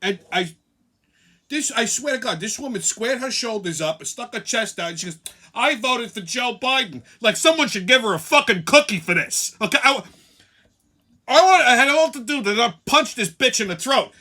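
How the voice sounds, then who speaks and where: A man's voice: extremely high pitch, expressive, moderate pace, bright, forceful tone. A man hosting his own show, telling heated, profane stories as a comic rant. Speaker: host.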